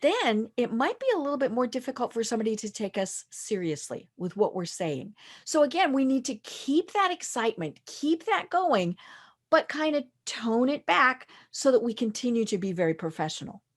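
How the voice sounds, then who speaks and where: A woman hosting a podcast interview, lively and quick, chatting casually and easily wound up. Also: on the high side. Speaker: podcast host.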